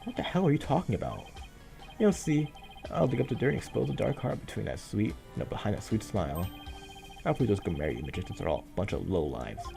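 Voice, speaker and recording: A man's voice: fairly low pitch, big pitch swings, fast talker, vocal fry, warm tone, faint music behind, exaggerated voice. A man voicing a brash, pushy TV producer in a video game dub, talking in slang like a salesman. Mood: sneering.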